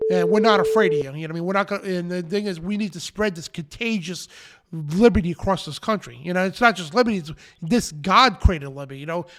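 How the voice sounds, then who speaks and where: A man's voice: high voice, a bit bright. A man hosting a live show, preaching in an emphatic, defiant rant and repeating his phrases. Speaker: show host.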